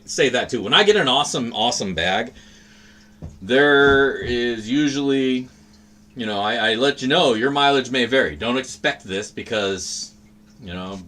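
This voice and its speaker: Lively, bright-voiced man rambling casually. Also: mid-range voice. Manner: rambling, profane, laid-back. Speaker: livestream host. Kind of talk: casual livestream chat.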